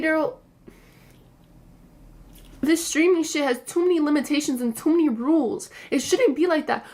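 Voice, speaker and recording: A young woman streamer venting to her chat, frustrated, swearing and rambling. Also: high voice.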